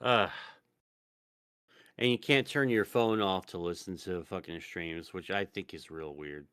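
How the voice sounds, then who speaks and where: A man's voice: sits low, unhurried, fairly bright tone, smooth, no echo, clean studio sound. A man hosting a podcast, talking in a rambling, profanity-heavy casual way. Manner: profane, rambling, full of fillers. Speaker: podcast host. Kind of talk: casual chat.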